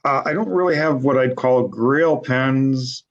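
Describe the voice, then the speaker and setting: Halting man on dull, lo-fi audio. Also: mid-range voice. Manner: halting, with many fillers. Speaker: penmaker panelist. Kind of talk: casual panel discussion.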